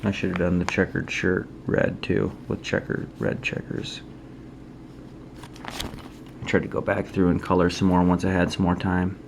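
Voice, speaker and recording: Low, gravelly-voiced card artist. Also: male voice, monotone, a little slow, pauses often, background noise. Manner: rambling, self-critical, thinking aloud. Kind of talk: casual show-and-tell.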